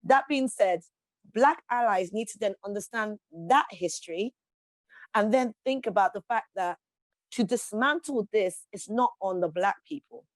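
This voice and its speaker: A woman's voice: mid-range voice, a little slow, no echo. A woman, a guest in an interview, speaking passionately with emphatic rhetorical questions. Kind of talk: passionate conversational speech.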